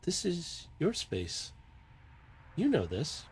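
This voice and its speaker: A man voicing a calm, curious small female caracal-like creature in a tabletop game, speaking softly and reassuringly. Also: on the high side, slow pace, slight background noise, voice pushed up, full character voice. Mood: musing.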